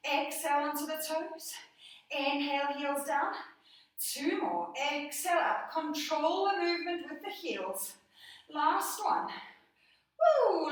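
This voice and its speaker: A woman's voice: sits high, a bit bright. Woman, fitness instructor, breathless, encouraging, echoey room, distant mic. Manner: encouraging, counts and cues breathing. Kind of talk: guided workout instruction.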